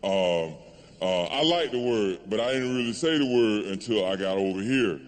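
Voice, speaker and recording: A man's voice: fairly low pitch, expressive, normal speed. A man from Georgia with a Southern accent, telling stories as a stand-up comedian in a wry, profane way on a large theater stage. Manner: profane, wry, acts out the characters. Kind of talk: live stand-up storytelling. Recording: long hall reverb, faint room noise.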